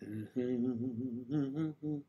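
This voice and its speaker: A man's voice: mid-range voice, extremely slow, dull audio. An older man hosting a casual livestream, greeting viewers by name and rambling while he fumbles with his equipment. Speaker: livestream host.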